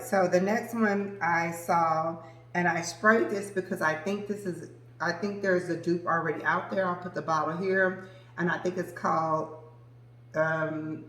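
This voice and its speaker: A woman's voice: lowish voice, a bit bright. Brief: forties woman, chatty fragrance vlogger, gushy and familiar, roomy echo. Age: 40s. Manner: chatty and gushing, calls viewers "girl" and "y'all". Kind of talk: casual chat to camera.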